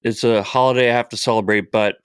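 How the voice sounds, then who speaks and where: A man's voice: medium pitch, steady tone, fast talker, clean tone, no room sound, studio quality. A man co-hosting a podcast with the hiccups, chatting in an easygoing, joking way. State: has the hiccups. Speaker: podcast co-host. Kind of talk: casual podcast chat.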